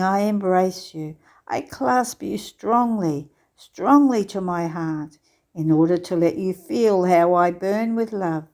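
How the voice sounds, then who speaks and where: A woman reading a devotional text aloud in a slow, measured, tender recitation. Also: mid-range voice, dark tone. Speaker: devotional reader. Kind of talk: scripture-style devotional reading.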